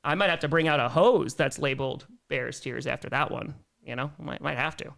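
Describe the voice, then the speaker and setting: A young man hosting a live sports stream, reading out fan donations and messages with energetic, jokey cheering. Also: sits high, brisk, gravelly, few pauses.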